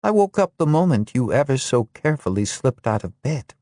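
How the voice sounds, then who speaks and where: A man doing a spirited, quick-tempered young woman in a war audiobook, her voice lifted well above his own and turning sharp when she is upset. The lines swing widely in pitch and sound close and dry. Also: sing-song, dry recording, natural voice. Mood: tender.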